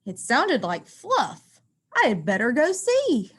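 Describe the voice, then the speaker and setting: A woman reading aloud and voicing a gentle, eager male elephant. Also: high-pitched, huge pitch swings, takes it slowly, husky, exaggerated voice. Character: gentle male elephant posing as Easter bunny.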